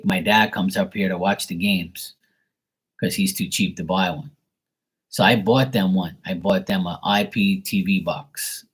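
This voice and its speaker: Middle-aged man, husky and lowish; casual venting monologue, exasperated and profane. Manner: exasperated rant with frequent swearing and fillers. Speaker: tarot reader.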